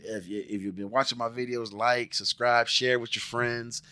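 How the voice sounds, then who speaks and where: A mid-range, bright, forceful voice with fairly even intonation belongs to a TV review vlogger from around Cincinnati. Speaking at a moderate pace in an American accent, he rants through a casual review with lots of profanity and mock voices.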